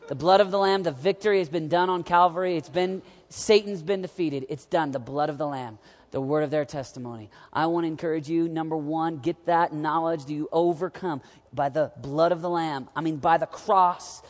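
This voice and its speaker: A man preaching a sermon to young adults, animated and jokey, swinging from loud urging to quiet asides. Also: on the high side, moderate pace. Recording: long hall reverb.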